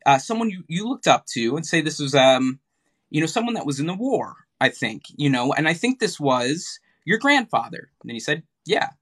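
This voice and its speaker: A man's voice: fairly high pitch, very animated, moderate pace, a bit bright, husky. A man who works as a mentalist, chatting on a live stream and telling an anecdote hesitantly, with many fillers. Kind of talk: casual live-stream chat.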